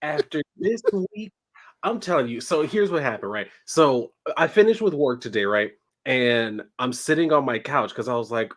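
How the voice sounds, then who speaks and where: A man's voice: mid-range voice, expressive, normal speed. Laid-back male co-host. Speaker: podcast co-host. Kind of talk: casual storytelling chat.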